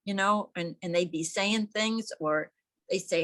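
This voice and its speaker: A woman's voice: on the low side, moderate pace. An older woman, a veteran's widow, telling stories emphatically in an interview and acting out the people she quotes. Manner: emphatic, animated, acts out quoted voices. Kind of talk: conversational storytelling. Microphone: remote audio call.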